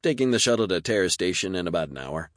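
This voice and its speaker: A man's voice: low voice, animated, quick pace, dry recording, clean studio sound. A man doing a breezy young cameraman. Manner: breezy, upbeat. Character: cheerful young adult male videographer.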